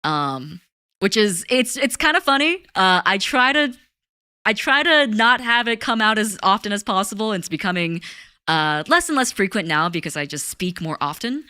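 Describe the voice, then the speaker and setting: Bright, animated woman streamer. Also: medium pitch, smooth, no room sound, studio quality. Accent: slight mix of Southern US and British vowels. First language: Mandarin Chinese. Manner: animated, quick to laugh, talks to chat. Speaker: VTuber streamer. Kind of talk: casual live-stream chat, reading chat aloud.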